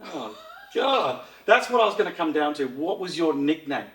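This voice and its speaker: A man's voice: a little high, big pitch swings, moderate pace. A man interviewing a guest in a casual chat, breaking in with chatty, eager interjections. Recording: roomy, from a distance.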